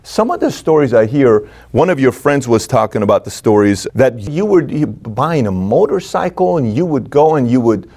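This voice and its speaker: Interview host, male; mellow and husky; conversational questioner. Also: mid-range voice, expressive, moderate pace, hardly any pauses. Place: studio.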